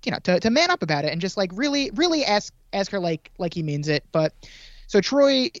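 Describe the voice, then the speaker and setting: A man's voice: high voice, very animated, brisk, no echo, muffled recording. A man co-hosting a podcast, recapping a film in a casual, jokey way. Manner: laughs easily, jokey. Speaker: podcast co-host.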